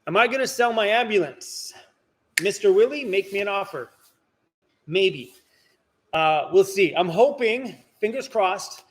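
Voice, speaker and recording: A man's voice: high voice, animated, a little slow, pauses often. A man hosting a casual live stream from inside his workshop, chatting and answering viewer comments. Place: indoor workshop.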